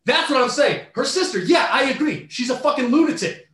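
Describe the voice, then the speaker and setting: High-voiced man ranting in an echoey room. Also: animated, a little fast. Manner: heated, swearing, shouting in bursts. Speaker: commentator reacting to a story. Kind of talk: profane rant commentary.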